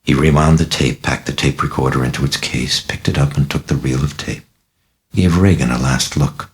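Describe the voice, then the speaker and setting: A man narrating an audiobook of his own novel with a deliberate, dramatic reading. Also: a bass voice.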